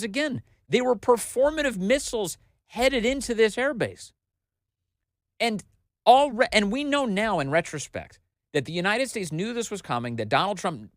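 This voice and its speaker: A man in his forties hosts a political commentary show from a studio. His voice sits fairly high and swings widely as he makes his points with animated emphasis. The sound is close and dry, with no room echo. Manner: animated and emphatic, talking straight to the listener. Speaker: host.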